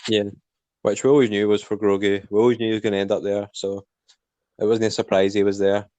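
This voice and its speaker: Flat, low-voiced man recapping. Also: quick pace, no echo. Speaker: podcast co-host. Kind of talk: casual review chat.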